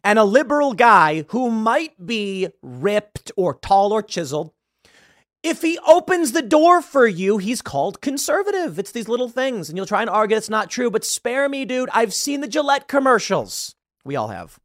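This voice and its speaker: A man's voice: high voice, normal speed, no echo. Sarcastic guy doing commentary on a story, swoops all over, dead dry sound. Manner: sarcastic, animated, mocking asides. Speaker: show host. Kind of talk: commentary reading a news story.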